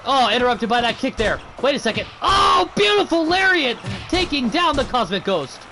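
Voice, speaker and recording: Man, wrestling play-by-play, very high pitched, excitable, faint music underneath. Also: moderate pace. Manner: excitable, exclamatory. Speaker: wrestling commentator. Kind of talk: play-by-play commentary.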